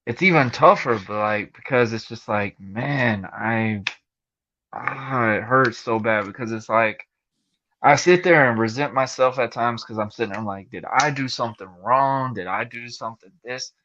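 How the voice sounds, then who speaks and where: Bright-voiced man, casual podcast chat. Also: mid-range voice, moderate pace. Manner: candid, talks in loose run-on sentences. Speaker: podcast host. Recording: dull lo-fi recording.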